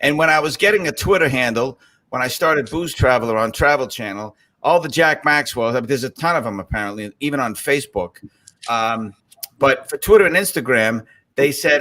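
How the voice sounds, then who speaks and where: A man's voice: mid-range voice, brisk. A man from South Boston with a Boston accent, a guest chatting casually and telling stories. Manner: animated storyteller, slips into other voices. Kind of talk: casual chat.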